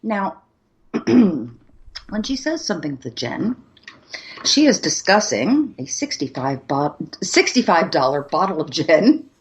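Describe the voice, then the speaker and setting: A chatty Southern American woman with a lowish voice, a little tipsy and laughing easily as she rambles through a story. Her voice comes through on a dull, lo-fi recording. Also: sing-song, takes it slowly. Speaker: podcast co-host. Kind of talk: casual chat.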